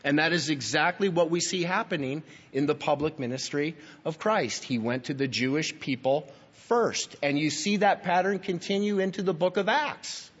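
A man's voice: fairly high pitch, moderate pace, hardly any pauses, a bit bright, slightly rough. A man preaching a sermon as pastor, emphatic and teaching, speaking straight to his listeners. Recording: dull, lo-fi recording in a reverberant hall.

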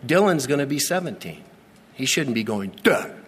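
A man in his forties preaching a sermon, earnest and repetitive, with dramatic slow pauses. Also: mid-range voice, very animated, slightly rough. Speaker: pastor. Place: church sanctuary. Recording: long reverb of a large church hall.

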